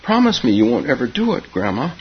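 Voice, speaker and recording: A man's voice: on the high side, huge pitch swings, slow pace, slight background noise, voice pushed up, heavily acted. An older man voicing a small eager girl who pleads with her grandmother, in a muffled recording. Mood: pleading. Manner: pleading, insistent.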